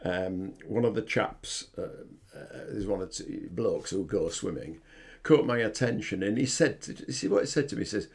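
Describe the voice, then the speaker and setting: An older man speaks in a very low, gravelly voice. He hosts a podcast, telling personal stories in an earnest, halting manner, often pausing to find his words. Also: lively intonation. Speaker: podcast host. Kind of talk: personal reflective monologue.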